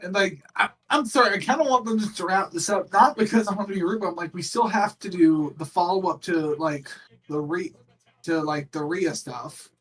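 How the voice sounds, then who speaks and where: Man, high voice, opinionated co-host, heard from a bit away from the mic. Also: moderate pace. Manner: opinionated, animated, laughs often. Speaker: co-host on a wrestling watch-along stream. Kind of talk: casual livestream chat. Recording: voice sits distant from the mic.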